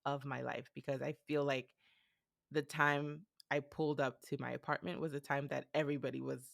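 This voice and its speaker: A young adult woman hosting a podcast, telling a personal story in a casual, animated way and acting out the dialogue. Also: very deep voice, fairly quick, gravelly, no echo, clean studio sound. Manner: animated, retells events with quoted dialogue. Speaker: podcast host.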